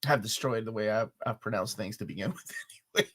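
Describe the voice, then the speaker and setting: A man from Peru co-hosting a casual live stream, animated and quick to laugh as he answers chat comments. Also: fairly low pitch, creaky. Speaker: co-host.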